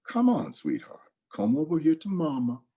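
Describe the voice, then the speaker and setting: A desperate mother speaks to her child in a quiet, eerie, coaxing tone, as a man puts her on. The voice is husky and mellow. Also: a little high, huge pitch swings, normal speed, pitched above the performer's own voice, full character voice. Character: desperate poor mother, eerily calm.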